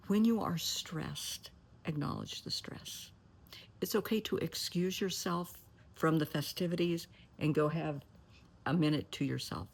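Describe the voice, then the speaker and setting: Speaking to camera, a middle-aged therapist hands out plainspoken, folksy advice, calling listeners honey and sweetheart and sometimes sinking to a near whisper for emphasis. Her voice sits low, creaky, with a breathy edge.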